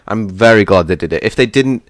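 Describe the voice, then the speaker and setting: A man's voice: fairly low pitch, animated, a little fast, no echo, clean studio sound. A young man co-hosting a casual TV review chat, joking and teasing his friend. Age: young adult. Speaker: co-host reviewing a TV series.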